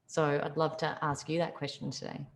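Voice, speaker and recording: A woman's voice: low voice, little pitch movement, brisk, creaky. A woman hosting a podcast, asking questions in casual, encouraging interview chat. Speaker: podcast host.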